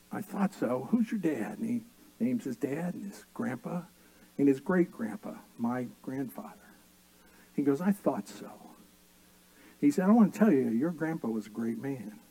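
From the pulpit, a middle-aged man preaches, weaving in homely anecdotes with a dry sense of humor. Though a little high for a male voice, his tone is mellow and dark, and the audio is dry and close, free of room echo.

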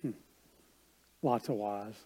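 A man's voice: lowish voice, slow pace, mellow. A man from South Carolina, preaching a sermon that mixes conversational storytelling with emphatic peaks. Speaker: pastor.

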